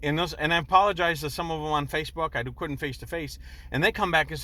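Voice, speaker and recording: Man, 60s, vlogger, bright voice, rambling and earnest, preachy storytelling. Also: a little high, fast. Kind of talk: personal storytelling monologue.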